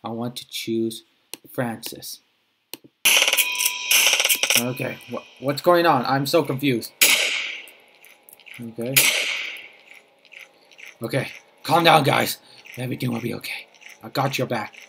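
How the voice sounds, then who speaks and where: A man hosting his own gaming channel, giving flustered, excitable let's-play commentary that often repeats itself. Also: mid-range voice, takes it slowly, creaky, pauses often, heavy background noise.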